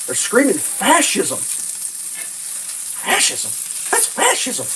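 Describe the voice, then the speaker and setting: Sarcastic ranting woman streamer, wildly swooping pitch. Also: a bit bright, slight background noise, rough recording. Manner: sarcastic, mocking, swears freely, swoops into high mock voices. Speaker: livestream host. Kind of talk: casual political rant while cooking.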